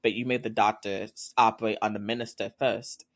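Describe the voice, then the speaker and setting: A woman hosting a podcast, casually recapping a drama episode and retelling its scenes, her voice jumping up when she gets excited. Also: fairly quick. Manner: animated retelling, voices quotes in a lower flat tone, squeals when excited. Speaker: podcast host.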